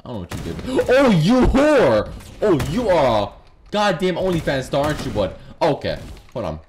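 A young man giving loud, profane, rapid-fire commentary over Roblox gameplay, trash-talking other players. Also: on the high side, wildly swooping pitch. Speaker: gaming YouTuber. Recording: noisy gameplay with gunfire behind.

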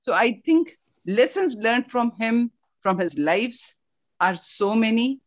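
A woman's voice: on the high side, animated, slow pace. Indian english lady, ex-principal, heartfelt tribute on a video call, mixes in hindi. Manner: earnest, switches into Hindi phrases. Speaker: former school principal. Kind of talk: memorial tribute speech.

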